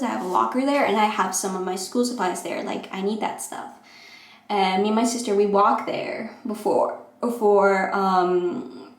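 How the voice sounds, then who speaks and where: Rambling young woman in an echoey room. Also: mid-range voice. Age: young adult. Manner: rambling, acts out quotes with animated voices. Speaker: vlogger. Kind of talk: casual storytime.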